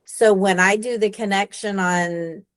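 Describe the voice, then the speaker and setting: A woman's voice: medium pitch, fairly even intonation, a little slow. A woman working as a real estate agent, chatting on a group call and telling how a line worked with a client. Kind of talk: sharing a story on a group call.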